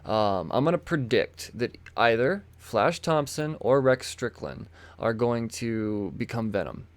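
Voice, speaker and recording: A man's voice: mid-range voice, expressive, unhurried, no room sound. A man hosting a comic book podcast, talking casually and with enthusiasm, rambling and often repeating his words as he goes. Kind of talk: casual solo talk showing comics.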